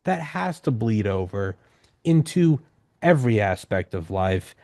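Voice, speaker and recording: A man in his thirties hosting a podcast, telling stories in a loose, rambling, animated way with casual swearing. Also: fairly low pitch, unhurried, no room sound, studio quality. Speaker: podcast host. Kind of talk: casual conversational storytelling.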